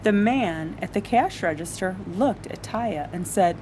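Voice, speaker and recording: A woman reading a picture book aloud, animated and often laughing as she goes. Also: mid-range voice, measured pace. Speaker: storyteller. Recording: loud background noise.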